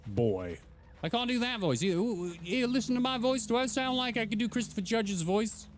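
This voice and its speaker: A man's voice: high voice, big pitch swings, normal speed, a little hiss or hum. A man in his thirties doing live gameplay commentary, bantering playfully and teasing his chat. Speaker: streamer.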